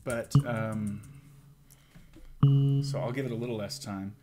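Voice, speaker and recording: Sitting at a computer with notation software, a man works through a vocal arrangement while a song recording plays loudly in the background. His fairly low, steady voice is halting as he thinks aloud to himself, full of ums, and he hums bits of melody.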